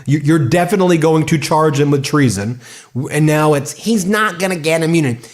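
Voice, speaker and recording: A man delivers casual political commentary with open sarcasm and exasperation. His voice sits a bit high and rises sharply when he mocks. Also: brisk.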